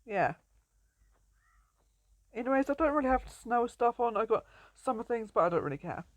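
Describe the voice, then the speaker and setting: A playful young woman talks her way through a survival game, greeting the animals she meets. Her voice sits a little high and swings up and down freely. It is recorded close and dry, with no room sound. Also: sing-song, moderate pace, no echo. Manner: chatty and playful, often laughing and greeting animals. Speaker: gameplay commentator. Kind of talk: casual let's-play commentary.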